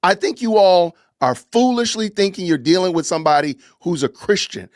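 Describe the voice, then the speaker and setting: A man's voice: high-pitched, moderate pace, dry recording, clean studio sound. A man hosting a podcast, delivering an impassioned, preachy commentary rant with lots of repetition and emphatic commands. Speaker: podcast host.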